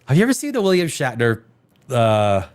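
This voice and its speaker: A man's voice: mid-range voice, huge pitch swings, normal speed. Rambling, swearing man hosting. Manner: rambling, swearing, many restarts. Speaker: host. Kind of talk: casual chat.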